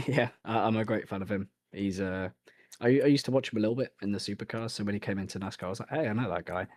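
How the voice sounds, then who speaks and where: Deep-voiced English sim racer. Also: male voice, quick pace, no echo, clean studio sound. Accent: Birmingham. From England. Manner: relaxed, self-deprecating, laughs often. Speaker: sim racing driver. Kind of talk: post-race interview.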